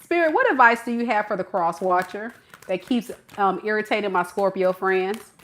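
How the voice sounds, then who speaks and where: A woman tarot reader giving a reading to the camera in an animated, playful, slangy way, laughing often. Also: medium pitch, normal speed.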